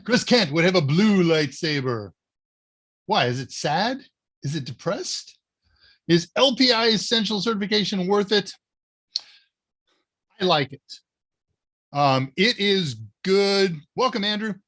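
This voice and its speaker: Male livestream host, casual and chatty, slightly higher voice. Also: unhurried, pauses often. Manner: relaxed, chatty, answers viewer questions. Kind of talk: casual live Q&A.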